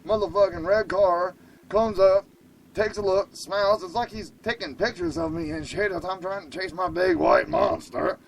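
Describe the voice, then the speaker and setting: A man hosting a radio show, telling a comic story in an excitable, profane way. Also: sits high, moderate pace, slight background noise, low-quality recording.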